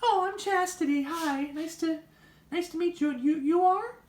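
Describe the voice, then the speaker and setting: A flustered, eager woman visitor rambles in a high, bright voice, as a woman puts her on. The line is recorded in an echoey room for a hobby voice drama. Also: unhurried, slight background noise. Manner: eager, rambling with long name lists.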